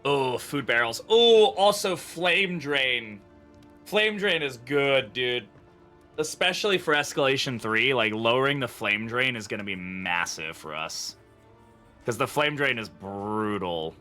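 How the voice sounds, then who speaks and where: A man's voice: mid-range voice, lively intonation, a little slow, bright, forceful tone, soft background music. A man from the UK giving casual, chatty gameplay commentary while streaming, thinking aloud and chuckling often. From United Kingdom.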